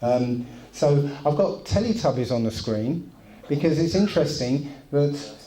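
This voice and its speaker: A man's voice: on the high side, expressive, measured pace, mellow. A man giving a lecture in a casual, conversational way with frequent asides. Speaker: presenter. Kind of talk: lecture presentation. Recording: echoey room.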